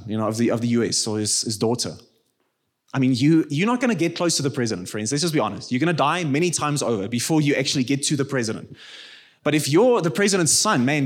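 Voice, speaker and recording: A man preaching a sermon in an animated way, often dropping suddenly to a hushed, low voice for emphasis. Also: moderate pace, breathy edge. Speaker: pastor.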